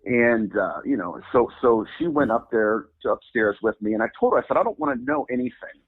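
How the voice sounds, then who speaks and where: A man's voice: fairly low pitch, animated, normal speed. A man, a religious demonologist, earnestly telling a personal story as a guest in an interview, often quoting himself. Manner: earnest, recounts events and quotes himself. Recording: phone-like narrow sound.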